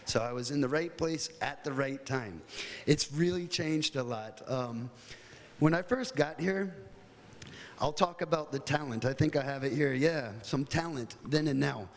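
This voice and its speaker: A man's voice: on the high side, normal speed, a little mellow. Casual American man in a reverberant hall. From United States. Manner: casual, chatty storytelling with fillers. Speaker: guest speaker. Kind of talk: conference talk. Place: hotel conference hall.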